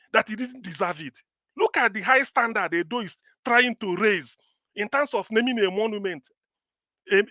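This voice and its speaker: A man's voice: sits high, bright, forceful tone, dry recording. A Nigerian man hosting a live stream, lecturing and scolding viewers in impassioned commentary.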